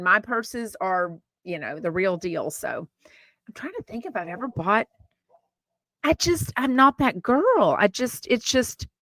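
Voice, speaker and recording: Texas lady rambling on her podcast, bright voice, dry close sound, lots of ums. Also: mid-range voice, dry recording. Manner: chatty, rambling, lots of fillers and restarts. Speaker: podcast host. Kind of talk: casual live-stream chat, reading comments.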